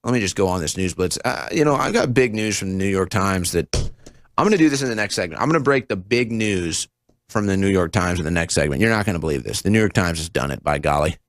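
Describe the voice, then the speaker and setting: A man in his thirties hosts a political talk show, his pitch swinging widely as he mocks and jokes. His tone is sarcastic and animated, and the sound is dry and close. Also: quick pace, dry recording. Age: 30s. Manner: sarcastic, mocking, animated mimicry. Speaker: show host.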